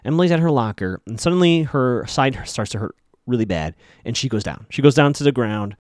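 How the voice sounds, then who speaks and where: A man's voice: mid-range voice, animated, brisk, dry recording, clean studio sound. A man hosting a podcast, casually recapping a TV episode with chatty, wry asides.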